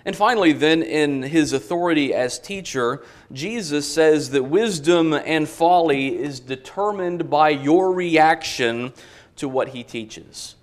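A man with a high voice preaches an expository sermon in an earnest, emphatic way. He leans on key words and slows down when he reads scripture aloud.

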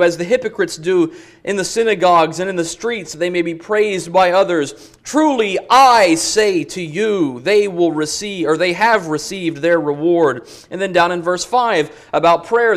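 A man preaches an expository sermon with a voice that sits high, reading scripture aloud earnestly and emphatically. He slows down when he reaches the quotations.

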